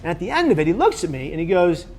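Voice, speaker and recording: A man's voice: on the high side, big pitch swings, very fast, creaky, a little mellow. A man speaking to camera about his own experience, telling it with energy and acting out the lines of other people in the story. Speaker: suicide prevention speaker.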